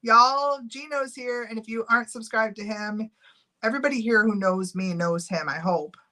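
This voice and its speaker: A woman's voice: on the high side, moderate pace, pushed and bright. A middle-aged woman chatting casually on a live stream, giggling often and reading out viewer names while she runs a giveaway.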